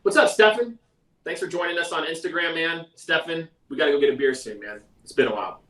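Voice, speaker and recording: A man hosting a live sales question-and-answer stream in a casual, energetic, conversational way. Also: fast. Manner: energetic, conversational, mimics others in a high voice. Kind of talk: casual livestream talk. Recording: roomy echo, mic at a distance.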